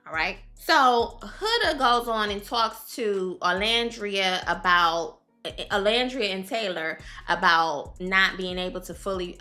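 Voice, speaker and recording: A woman recapping a reality dating show in a casual vlog, sassy and animated, calling the viewer "girl" as she talks. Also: medium pitch.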